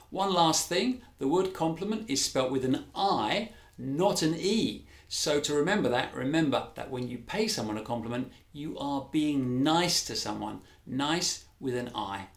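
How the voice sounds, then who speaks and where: A man hosting an English lesson, talking clearly and carefully and stressing key words. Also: medium pitch. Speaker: English teacher. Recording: roomy echo.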